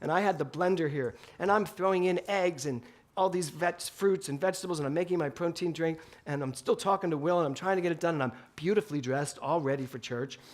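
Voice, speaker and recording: A male minister giving a Sunday talk in a spiritual center, telling an animated story with bursts of laughter. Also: fairly high pitch, fast. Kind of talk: sermon storytelling.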